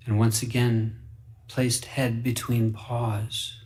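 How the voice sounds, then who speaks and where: A man reading a fable aloud for radio in an earnest, wide-eyed way, dropping to hushed whispers and rising into excited bursts. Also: mid-range voice, unhurried. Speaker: story reader.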